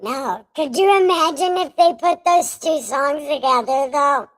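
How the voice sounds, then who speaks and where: Slow-talking high-voiced woman host. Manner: joking, laughs often. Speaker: livestream host. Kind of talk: casual chat.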